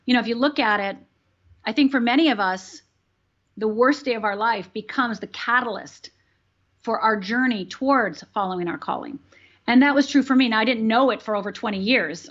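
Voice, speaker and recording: A woman's voice: fairly high pitch, a bit bright. Earnest woman life coach, dull lo-fi sound. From Upper Michigan, USA. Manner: earnest, emphatic, repeats phrases for weight. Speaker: life coach, show guest. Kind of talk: personal storytelling in an interview.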